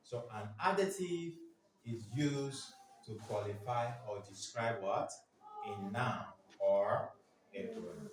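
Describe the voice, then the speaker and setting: A male teacher talks slowly and deliberately to his class, pausing to prompt them to fill in each answer. He is recorded from across a very echoey classroom, with faint noise underneath. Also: mid-range voice. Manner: drills words aloud for the class to repeat. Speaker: French teacher. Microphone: far from the speaker. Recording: very echoey room, distant mic, faint noise.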